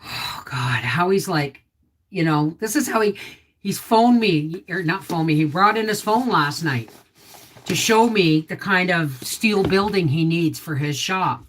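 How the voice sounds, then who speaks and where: A woman's voice: on the low side, lively intonation, unhurried. A middle-aged woman hosting a casual homestead livestream from home, chatting and reading viewer comments aloud. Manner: chatty, reads viewer comments aloud, baby talk to her dog. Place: home indoors. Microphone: desktop mic.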